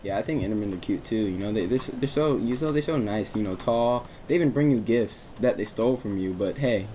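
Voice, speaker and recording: A young man hosting a casual gaming chat, excitable and teasing, breaking into high yelps over a headset mic. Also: brisk, a little hiss or hum. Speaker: let's play host.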